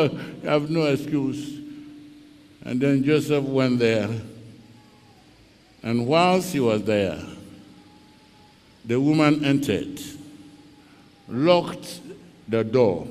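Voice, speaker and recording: A man's voice: medium pitch, darkish tone, in a large hall. A man with a Ghanaian accent preaching a sermon as pastor, telling the story dramatically and acting out its scenes.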